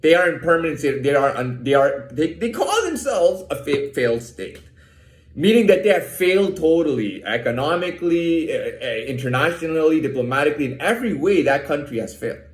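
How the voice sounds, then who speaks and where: A man's voice: on the high side, sing-song, fairly quick. Guy going off on a heated rant, lots of swearing and stammering, voice jumping all over, echoey room. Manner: heated, profane, stammering with repeated fillers. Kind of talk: casual rant.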